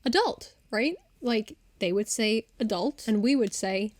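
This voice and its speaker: A woman's voice: medium pitch, a little slow, dry recording. A young British woman vlogging, explaining things casually with playful asides and self-aware humor. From Britain. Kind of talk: casual explainer talking to camera.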